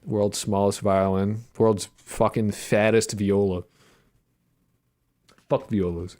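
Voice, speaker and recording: Low-voiced man joking with his chat. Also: fairly even intonation, takes it slowly, darkish tone. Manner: joking, profane, reads chat aloud. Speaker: game dev streamer. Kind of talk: casual livestream chat.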